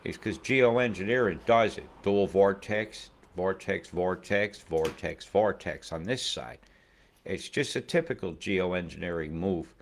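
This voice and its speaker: A man's voice: low voice, measured pace. A man giving casual weather commentary over satellite images, rambling, profane and conspiratorial.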